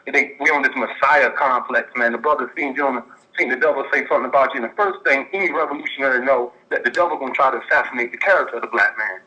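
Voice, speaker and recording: A man calling in by phone, talking emphatically and ending phrases with "man". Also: mid-range voice. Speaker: caller. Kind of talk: phone-in call. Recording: bright tinny phone line.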